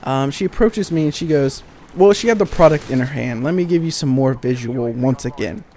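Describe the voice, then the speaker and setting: A man's voice: mid-range voice, brisk, warm tone, a little hiss or hum. A young man telling exasperated, sarcastic, profane stories about retail customers over gameplay. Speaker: gaming channel commentator. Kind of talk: ranting storytime over gameplay.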